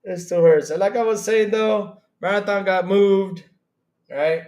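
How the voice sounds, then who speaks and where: A man hosting a live-stream gaming podcast, loud and excitable, swearing often. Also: high voice, measured pace. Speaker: podcast host. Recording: roomy echo.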